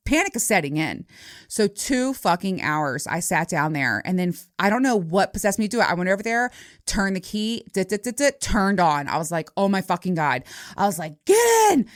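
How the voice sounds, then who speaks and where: A woman's voice: lowish voice, normal speed, no room sound, clean studio sound. Profane, laughing woman podcaster in her forties. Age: 40s. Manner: laughing, profane, animated storytelling. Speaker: podcast host. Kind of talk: casual solo storytelling.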